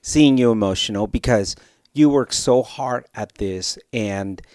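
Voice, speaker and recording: A man with a mid-pitched voice co-hosts a casual podcast, playful and goofy as he reads out notes and jokes around. The recording is close and dry. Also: measured pace, darkish tone, no room sound. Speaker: podcast co-host. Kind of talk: casual chat.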